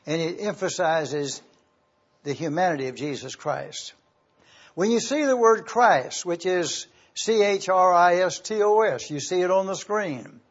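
A male pastor preaching a sermon to his congregation in a slow, deliberate, emphatic way, pausing often. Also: sits high, husky, dull audio.

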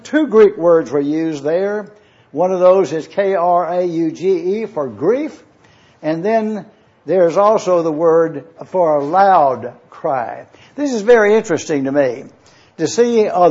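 Male preacher with a high, warm voice, repeats points and spells words out; muffled lo-fi sermon recording. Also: breathy edge. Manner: deliberate, spells out Greek words letter by letter; repeats points for emphasis, urges listeners to take notes. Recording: dull lo-fi recording.

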